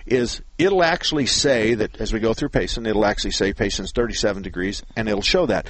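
Husky-voiced folksy radio car-repair host. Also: male voice, on the low side, brisk, no echo. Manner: folksy, joking, rambling explanations. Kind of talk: call-in radio talk.

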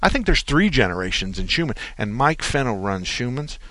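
A man hosting a call-in radio show, telling stories in a folksy, joking way with chuckles and quick asides. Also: medium pitch, very animated, fairly bright tone, no echo.

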